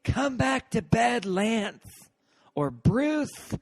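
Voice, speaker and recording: Brief: high shrill falsetto, shouted loud and theatrical. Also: male voice, very animated, drawn-out words, vocal fry, no echo, exaggerated voice. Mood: teasing. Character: shrill falsetto man's put-on voice yelling from window.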